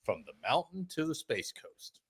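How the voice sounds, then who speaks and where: A man who hosts a weekly news and variety podcast tells a story in casual chat, swearing freely and narrating in a profane, animated way. His voice is on the high side with a breathy edge, at a moderate pace.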